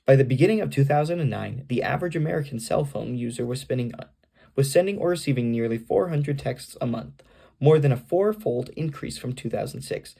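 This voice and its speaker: A young man with a gravelly, fry-heavy voice rambles and rambles, filling gaps with "like" and "um" as he reads aloud at home. He is recording casually on the camera's own mic, and his talk stays at an ordinary middle pitch. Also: dark tone. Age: young adult. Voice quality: vocal fry. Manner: rambling, self-conscious, many fillers. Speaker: grandchild recording readings for family. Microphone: camera's built-in mic, no external microphone.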